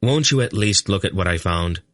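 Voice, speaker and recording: A man's voice: lowish voice, animated, moderate pace, a bit bright, no room sound, studio quality. A man voicing an earnest, pleading young man. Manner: urgent, raises voice when calling.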